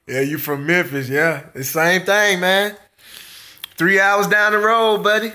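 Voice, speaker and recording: A man's voice: high-pitched, fairly even intonation, takes it slowly, pushed and bright. A man, chatting and joking casually with viewers on his channel, laughing often. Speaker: small business owner and channel host. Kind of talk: casual live-stream chat with viewers.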